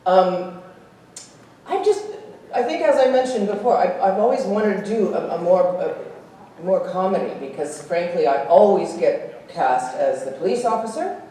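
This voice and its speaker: An actress speaking at a convention panel, animated and quick to laugh as she tells stories and acts out voices. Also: fairly low pitch. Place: convention hall stage. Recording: echoey hall, distant, faint hiss.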